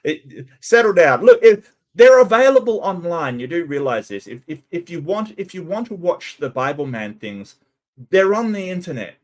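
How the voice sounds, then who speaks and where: A man's voice: high-pitched, sing-song, moderate pace, a little mellow. Sarcastic man riffing on a video. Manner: sarcastic, rambling. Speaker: reaction video host. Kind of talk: casual commentary.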